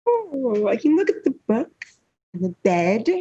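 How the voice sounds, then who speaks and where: A woman's voice: fairly high pitch, sing-song, unhurried, warm tone, husky, highs cut off. A woman playing a tabletop game, playful and teasing with the others. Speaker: player.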